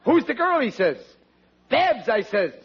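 An actor playing a bumbling, boastful middle-aged father in a 1940s radio sitcom, with a husky voice and an excitable delivery. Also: measured pace, exaggerated voice. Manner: excitable, boastful, whiny when low. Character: bumbling blustery working-class family father. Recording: dull old radio recording.

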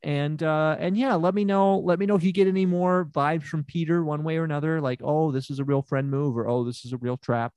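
A man hosting an improvised comedy podcast as a therapist, rambling and stammering with deadpan asides. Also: on the high side, fairly quick, hardly any pauses, smooth, no room sound, studio quality. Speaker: podcast host playing a therapist.

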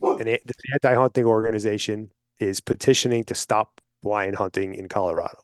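A man speaking as a podcast guest, persuasive and explanatory, often checking in with listeners with a quick "okay?". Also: on the low side, fairly even intonation, no room sound, clean studio sound. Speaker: hunting advocate guest. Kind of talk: casual podcast conversation.

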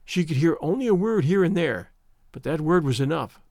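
Guy reading a story out loud, high voice, really animated and dramatic, dry close recording. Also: a little fast, dry recording. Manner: expressive, dramatic. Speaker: audiobook reader. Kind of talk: storybook narration.

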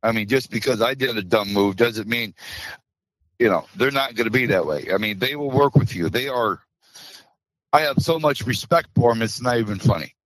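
A man being interviewed, close to tears, apologizing in a halting way with many restarts. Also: mid-range voice, fairly bright tone, no room sound, poor audio. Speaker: interview guest, former truck driver. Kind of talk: emotional interview.

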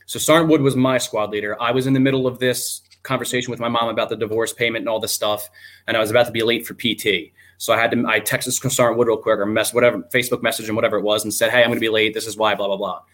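A man's voice: on the low side, little pitch movement, racing, a bit bright. A young man, an army veteran, telling his story on a video call in a loose, candid way, with many ums and some swearing. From United States. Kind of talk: casual spoken storytelling.

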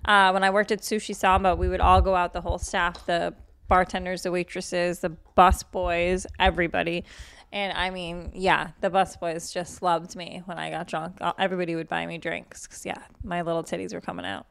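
A woman's voice: lowish voice, level tone, normal speed, vocal fry, fairly bright tone, clear, resonant tone. A woman hosting a comedy podcast, telling crude, self-mocking stories in casual chat.

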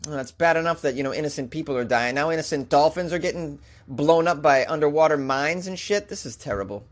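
Man, somewhat high voice, comedic news commentary, sarcastic incredulous asides. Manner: sarcastic, incredulous asides between read-out stories. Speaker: podcast host reading news.

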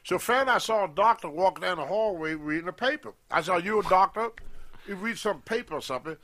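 Older man, animated storyteller, higher voice. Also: quick pace. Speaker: guest. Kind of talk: storytelling in a podcast interview.

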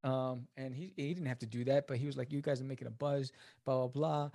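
An animated man tells stories from his career in a casual interview. His voice sits in a middle register, and he jumps higher whenever he acts out the people in his stories. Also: fairly quick, creaky. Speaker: interview guest, comic creator.

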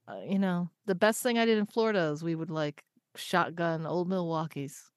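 A woman's voice: on the low side, normal speed, clear, resonant tone, no room sound, studio quality. A woman hosting a podcast, chatting casually and telling stories with a teasing humor. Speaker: podcast host. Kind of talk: casual chat.

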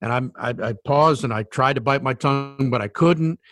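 A man recounting an anecdote in a loose, conversational way, often pausing on ums and uhs. His voice sits at an ordinary middle pitch. The sound is dry and close, with no room around it. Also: a bit bright, dry recording, soft background music. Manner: rambling anecdote with many fillers. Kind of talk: casual storytelling.

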